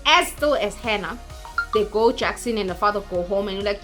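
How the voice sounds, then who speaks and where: A woman's voice: mid-range voice, lively intonation, a little fast, a bit bright, faint music behind. A woman recapping a movie in a chatty, mocking way, acting out characters as she goes. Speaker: YouTuber.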